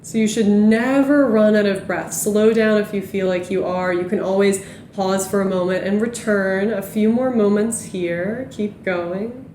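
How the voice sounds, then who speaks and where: Calm woman guiding a yoga class. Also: mid-range voice, moderate pace, echoey room, a little hiss or hum. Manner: calm, gentle cueing of breath and movement. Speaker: yoga instructor. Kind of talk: guided yoga class instruction.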